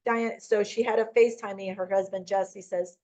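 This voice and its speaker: A woman's voice: medium pitch, fairly even intonation, brisk, a little mellow, rough recording. A woman giving a casual real estate training talk, chatty and rambling, with many restarts and personal stories.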